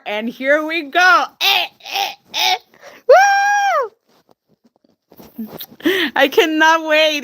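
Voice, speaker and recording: Lady on a phone livestream at home, slow unhurried talk, gushy, girl this y'all that. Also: medium pitch. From Laredo, Texas. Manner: gushing, calls viewers girl and y'all. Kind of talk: casual livestream chat.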